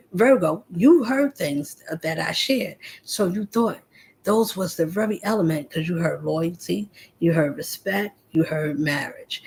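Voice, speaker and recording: Her voice fairly low, creaky and a little mellow with a breathy edge, this woman is a spiritual vlogger lecturing an unseen listener in a confrontational, preachy way. The recording is of poor quality.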